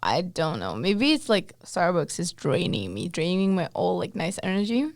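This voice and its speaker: A young woman co-hosting a casual chat, talking quickly with lots of fillers and restarts. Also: lowish voice, very animated, no echo, clean studio sound. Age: young adult. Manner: quick, chatty, full of fillers. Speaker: podcast co-host.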